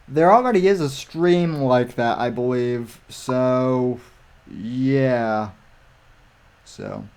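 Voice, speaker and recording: A man chatting slowly and loosely on a live stream, stumbling through restarts and fillers as he goes. His pitch sits in an ordinary middle range. He sounds like a regular host talking over a video call. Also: darkish tone, clear, resonant tone. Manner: rambling, many restarts and fillers. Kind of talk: casual stream chat.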